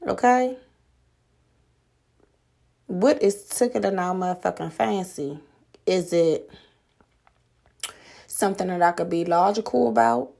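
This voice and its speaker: A woman's voice: mid-range voice, takes it slowly, gravelly, pauses often, warm tone. A woman podcast host giving a blunt, profane motivational monologue full of rhetorical questions.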